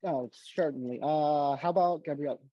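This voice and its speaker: A man's voice: on the high side, normal speed, no room sound, dull audio. A man organizer from Los Angeles calling in casually to a panel from a busy resource fair. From South Central Los Angeles. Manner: easygoing, casual. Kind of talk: panel discussion on a call.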